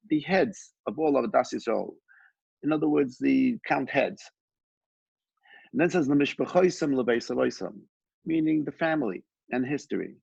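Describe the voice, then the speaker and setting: Male Torah teacher, conversational storyteller, husky voice, dull lo-fi recording. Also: mid-range voice, expressive, moderate pace, a little mellow, no echo. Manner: conversational, with frequent restarts and quoted dialogue. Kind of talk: informal Torah class with storytelling.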